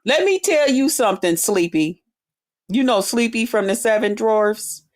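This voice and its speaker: A woman's voice: a little high, lively intonation, a little slow. A woman hosting her own stream, delivering an angry, profane rant that taunts a rival. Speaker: online streamer.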